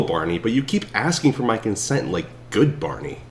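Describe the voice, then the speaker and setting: A man doing comedic chatbot role-play, deadpan and then bursting into shouts. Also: fairly low pitch, normal speed. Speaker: streamer playing a chatbot.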